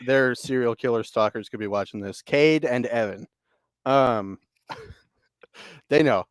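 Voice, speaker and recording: A man co-hosting a casual chat, telling animated gaming stories, swearing freely and laughing often. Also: medium pitch, slow pace, no echo, studio quality. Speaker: podcast co-host.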